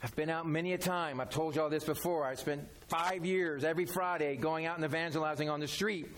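A man's voice: fairly high pitch, fairly even intonation, fairly quick, fairly bright tone, slight background noise. A man preaching a sermon in a folksy, conversational way, using everyday examples. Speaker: pastor.

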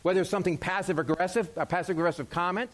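A middle-aged man preaching a sermon, animated and playful, acting out quoted voices with self-deprecating humor. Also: high voice, racing. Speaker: pastor.

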